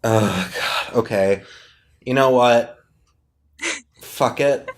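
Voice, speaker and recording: A man's voice: medium pitch, drawn-out words. Exasperated profane young man podcaster. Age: 20s. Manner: exasperated, profane, mock-dramatic. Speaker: podcast co-host. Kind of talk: casual comedic chat.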